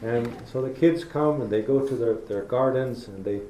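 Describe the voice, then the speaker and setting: Giving a public talk in a university lecture hall, a middle-aged man tells folksy stories and plays out how he talks with children. His warm voice is medium-pitched at normal speed, recorded with echo and faint noise.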